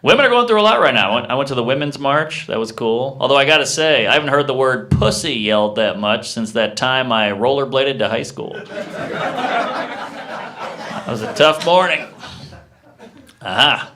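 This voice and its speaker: A man doing a stand-up comedy set in a live club, delivering deadpan one-liners with quick asides to the crowd. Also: mid-range voice, slight background noise.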